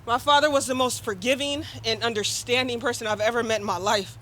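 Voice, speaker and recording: A woman's voice: fairly high pitch, fairly even intonation, brisk, fairly bright tone, slight background noise. A woman speaking at her father's memorial, casual and heartfelt, chatting with the gathered crowd. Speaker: eulogy speaker, daughter of the deceased. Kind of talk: emotional memorial speech.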